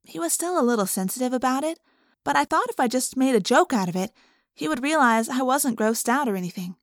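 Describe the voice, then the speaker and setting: Audiobook narrator: woman, conversational first-person reading, fairly high voice, dry close sound. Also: animated, brisk, dry recording.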